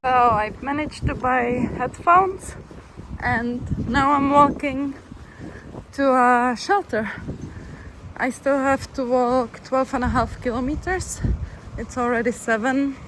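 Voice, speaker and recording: An easygoing young hiker talks to a handheld camera in an unhurried, drawn-out way, tossing off dry, amused asides. Wind and passing traffic are clearly heard behind the voice. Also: high-pitched. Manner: chatty, easygoing, wry. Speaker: long-distance hiker, vlogger. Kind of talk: casual vlog talk while walking. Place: outdoors by a road in a town, windy. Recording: wind and traffic noise outdoors. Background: wind and passing vehicles.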